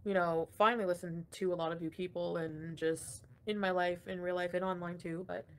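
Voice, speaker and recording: A woman's voice: on the low side, level tone, fairly quick, clean tone. A young woman hosting a casual livestream, ranting with frequent swearing and laughter while reading chat comments. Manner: profane, ranting, laughs often. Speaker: livestream host.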